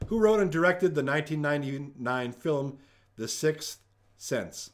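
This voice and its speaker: A man's voice: fairly high pitch, expressive, a little slow. A man hosting a live-streamed trivia game from home, joking around as he reads each question twice. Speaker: trivia host.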